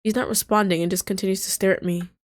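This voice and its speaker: A young woman plays through a story game, reading a visual novel's lines aloud and breaking off into shocked, swearing reactions in let's-play narration. Her mid-range voice is steady in tone and quick. The recording is dry, with clean studio sound.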